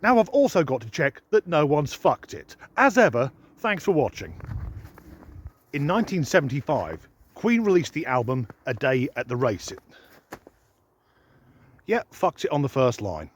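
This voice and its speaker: A man's voice: mid-range voice, sing-song, measured pace, pauses often, husky. Sardonic, sweary man ranting. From United Kingdom. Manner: sardonic, sweary, mock-incredulous. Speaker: comedy vlogger. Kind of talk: comic rant to camera.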